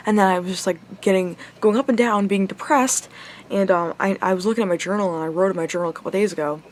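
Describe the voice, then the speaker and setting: There's a bit of hiss or hum as a young woman with a mid-range voice rattles quickly through a personal story for her camera. This vlogger's casual storytime monologue wanders, packed with cursing and filler words.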